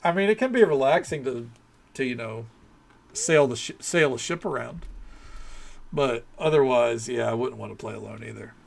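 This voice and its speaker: Gravelly laid-back male streamer. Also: medium pitch, lively intonation, moderate pace. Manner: laid-back, swears casually. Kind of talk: casual gameplay commentary.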